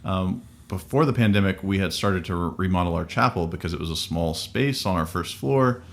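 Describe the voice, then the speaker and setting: Man, pastor, very low voice, reflective conversational delivery. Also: fairly quick, gravelly. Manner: thoughtful, searching for words. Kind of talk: casual podcast conversation.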